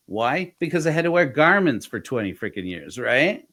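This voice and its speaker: A man's voice: mid-range voice, normal speed. A middle-aged man hosting a casual podcast, telling stories and acting out the voices of the people he quotes. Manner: animated storyteller, acts out quoted voices. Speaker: podcast host.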